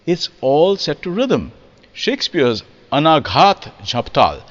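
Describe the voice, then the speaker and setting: A man giving a spoken music lesson on rhythm, lively and demonstrative, acting out examples and reciting verse in a studio. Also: medium pitch, moderate pace, in a large hall, highs cut off. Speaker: percussionist explaining rhythm.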